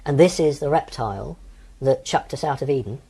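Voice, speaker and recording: A man's voice: mid-range voice, lively intonation, brisk, gravelly, dark tone, slightly rough. A man in his sixties from England, an interview guest recounting personal experiences in a hesitant way, with frequent ums and restarts. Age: 60s.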